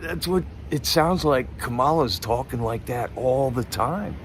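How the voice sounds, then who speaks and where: A man's voice: mid-range voice, animated, unhurried, slight background noise. Rambling, sarcastic male stream host. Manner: rambling, sarcastic, with frequent restarts. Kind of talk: casual rambling chat.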